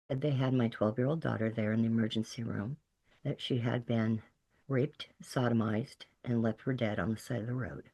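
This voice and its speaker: A woman's voice: extremely low pitch, dark tone, breathy edge, highs cut off. A middle-aged woman from Texas, a peer support specialist, giving an earnest and emphatic personal testimony. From Texas, USA.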